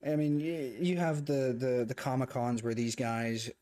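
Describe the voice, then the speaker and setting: A man's voice: medium pitch, steady tone, a little slow, warm tone. Profane rambling man reviewing a show. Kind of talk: casual chat.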